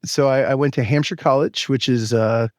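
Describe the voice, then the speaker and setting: A hoarse man from Maine, a podcast guest talking in a relaxed, rambling way over a headset boom mic. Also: moderate pace, no room sound, studio quality. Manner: relaxed, rambling, self-deprecating. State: hoarse, recovering lost voice. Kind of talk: casual interview chat. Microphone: Bluetooth headset boom mic.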